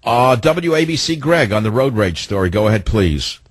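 Ranting husky-voiced radio host man. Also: mid-range voice, animated, moderate pace. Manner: indignant, ranting opinions. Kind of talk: call-in radio talk and monologue.

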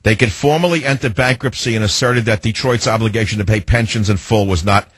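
Male talk radio host, husky and dry, sarcastic and lecturing toward callers. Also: on the low side, brisk, fairly bright tone, no room sound. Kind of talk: talk radio taking calls.

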